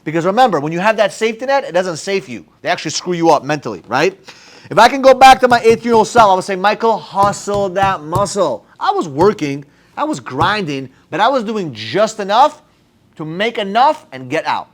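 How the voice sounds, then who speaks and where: A man giving an energetic, emphatic motivational talk to camera about advice to his younger self, with slangy phrasing. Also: high-pitched, fairly quick. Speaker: sales business owner.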